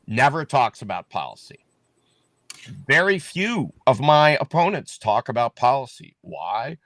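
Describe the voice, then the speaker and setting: A man's voice: mid-range voice, a bit bright, no room sound. A man running for office, talking emphatically in a casual political chat and often repeating himself. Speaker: political candidate.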